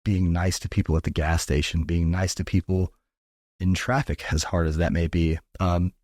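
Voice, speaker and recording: A man's voice: low-pitched, flat delivery, moderate pace, a little mellow, no echo, clean studio sound. A man from Texas, a podcast guest talking in an earnest, motivational way and swearing freely. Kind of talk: casual podcast talk.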